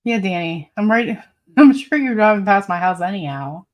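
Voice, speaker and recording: A woman's voice: mid-range voice, expressive, moderate pace. A woman hosting a casual live stream, reading viewer comments aloud in a chatty, rambling way and laughing often. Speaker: livestream host.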